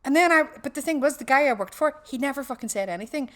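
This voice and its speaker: A woman with a Northern Irish accent, telling swearing, lively stories in a casual podcast chat. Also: high-pitched, fast. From West Belfast, Northern Ireland. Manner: swearing storyteller, acts out quotes. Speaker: guest.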